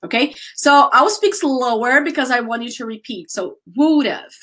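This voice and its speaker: A woman teaching English grammar, drilling phrases slowly and chatting with her students. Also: on the high side, fairly bright tone. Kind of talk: live online English lesson.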